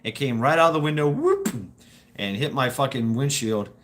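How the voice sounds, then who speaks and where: Man, mid-pitch, bright edgy voice; rambling profane storyteller who stammers and repeats himself. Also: wildly swooping pitch, normal speed, slight background noise. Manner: stammering, repeats words, profane, laughs often. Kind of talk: rambling casual monologue.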